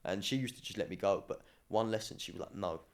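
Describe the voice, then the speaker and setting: A young man, telling stories in a slangy, cheeky, animated way during a casual podcast chat. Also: lowish voice, fast. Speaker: podcast guest, former academy footballer.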